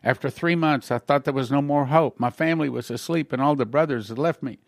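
A man's voice: mid-range voice, brisk, creaky, no room sound, clean studio sound. A man, a pastor, earnestly retelling a first-person testimony as a story for his listeners.

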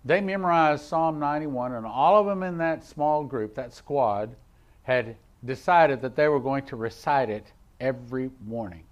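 A male pastor preaching a sermon, reading scripture aloud and moving between emphatic declarations and quiet asides. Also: mid-range voice. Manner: reads King James verses aloud.

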